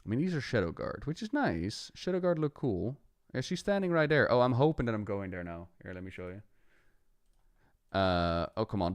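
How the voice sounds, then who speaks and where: A man, chatty and excitable, commenting live to his stream chat and talking to the game. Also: fairly low pitch, a little fast, smooth, no room sound.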